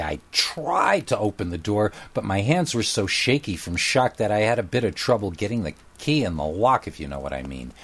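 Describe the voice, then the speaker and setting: A man with a fairly low voice narrates a first-person story. He keeps it casual and wry, like someone recounting a strange day at work. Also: husky.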